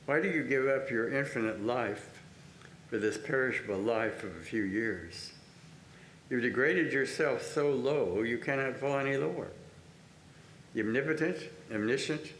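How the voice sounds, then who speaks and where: A man earnestly reading a spiritual text aloud to a study group, with measured emphasis. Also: medium pitch, lively intonation, fairly bright tone. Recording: roomy echo, faint background noise.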